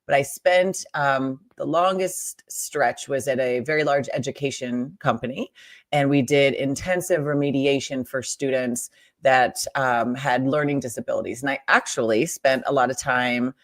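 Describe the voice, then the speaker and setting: An American woman, a guest on an interview podcast, talking in an upbeat, chatty way with quick restarts. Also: a bass voice, no echo, studio quality. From United States. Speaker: guest, Profit First guide. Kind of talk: casual interview chat.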